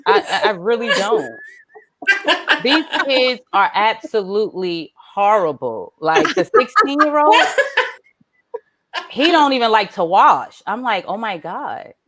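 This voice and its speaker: A woman doing a stand-up comedy set, animated and swinging between low mutters and high exclaims. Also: slow, slight background noise.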